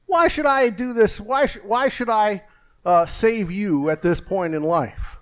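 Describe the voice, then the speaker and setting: A man's voice: high-pitched, a little slow. A man voicing a wry, teasing God inside a joke told in a sermon. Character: wry God speaking to a sinner.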